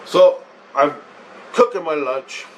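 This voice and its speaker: A man telling a rambling personal story at home, profane and excited, acting out what he and others said. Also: on the high side, slow pace, distant mic, slight background noise, poor audio. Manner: profane, excited, quotes himself and others animatedly.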